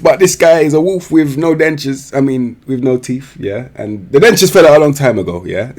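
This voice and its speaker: A man's voice: medium pitch, very animated, a little fast, few pauses, darkish tone. A young man, giving slangy, sarcastic commentary on a football management game. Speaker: gaming streamer.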